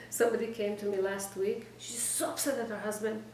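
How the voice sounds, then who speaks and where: A woman's voice: medium pitch, little pitch movement, a little mellow. Exhorting woman teacher in an echoey room. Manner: direct and exhorting, checks in with "okay?"; trades quick replies with listeners. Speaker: religious teacher giving a weekly class. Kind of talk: informal lecture to a small group. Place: classroom with listeners present. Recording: echoey room, distant mic, faint background noise.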